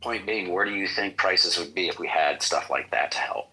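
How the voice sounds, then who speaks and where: Man, political talk host, very low pitch, bright crisp tone, blunt questioning. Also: normal speed, low-quality recording. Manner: blunt, fires off rhetorical questions. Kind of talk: political talk show chat.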